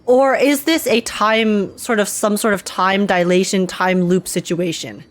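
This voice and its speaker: A young woman streams her reaction to a game, excitable and quick, theorizing aloud in casual chat. Her voice is mid-range.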